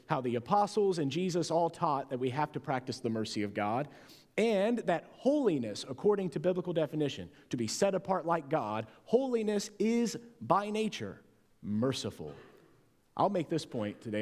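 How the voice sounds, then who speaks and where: A man's voice: fairly high pitch, a little mellow. A man preaching a sermon as pastor, delivering it with emphasis and drawing out key words. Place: church sanctuary. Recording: long church reverb.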